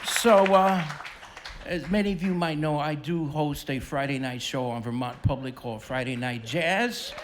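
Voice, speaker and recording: Fronting his band at a festival, this emcee talks at a moderate pace in a fairly high male voice, with slight background noise behind him. Over the stage mic, he teases and jokes with the audience between songs.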